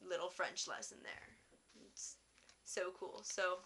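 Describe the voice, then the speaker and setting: Bright-voiced chatty teen girl. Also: fairly low pitch, fairly even intonation, slow. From Canada. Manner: chatty and rambling, with many fillers. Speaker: vlogger. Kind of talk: casual video journal chat.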